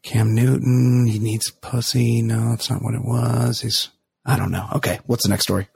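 A man's voice: mid-range voice, level tone, normal speed, vocal fry, darkish tone, a little hiss or hum. A man hosting a comedy podcast, riffing and joking crudely in casual chat.

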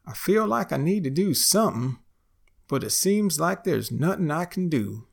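A man doing folksy neighbor, gravelly. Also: on the high side, very animated, normal speed, pitched above the performer's own voice, heavily acted. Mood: resigned. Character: down-on-his-luck Texan man, neighborhood friend.

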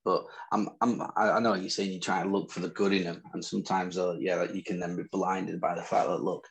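A man's voice: sits low, level tone, fast talker, creaky, slight background noise, low-quality recording. A man with a Northern English accent, co-hosting a chat podcast and trading boastful, teasing banter. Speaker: podcast co-host. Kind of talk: casual chat about fantasy football.

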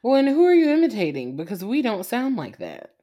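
A woman co-hosting a casual group chat, animated and quick to laugh and exclaim. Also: a little high. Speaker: podcast co-host.

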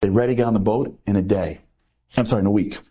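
Speaker, male, rapid animated storyteller, low husky voice, keeps asking the audience questions. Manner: animated, full of rhetorical questions and acted-out dialogue. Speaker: inspirational speaker. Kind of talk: storytelling talk to a live audience.

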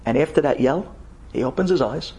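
A man telling a story in an animated sermon style, dramatic and acting out the people he quotes in raised voices. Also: medium pitch, brisk, slightly rough. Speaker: religious storyteller.

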